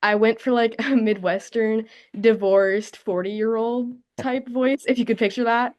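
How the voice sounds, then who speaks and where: A woman's voice: on the high side, steady tone, measured pace, darkish tone, dull audio. Chatty teen girl with many fillers. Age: teens. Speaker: speech team student.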